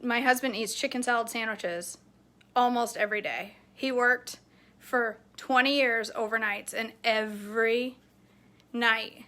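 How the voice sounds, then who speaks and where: Chatty bright-voiced woman, laughing easily. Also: a little high, fairly even intonation, unhurried. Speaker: vlogger showing grocery haul. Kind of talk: casual chat.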